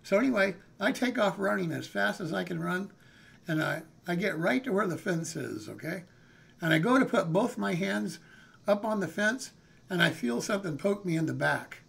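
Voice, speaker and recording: Male streamer telling a rambling story, high and husky voice. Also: expressive, normal speed, fairly bright tone. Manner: rambling, with many fillers and "okay?" checks. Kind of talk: casual storytelling.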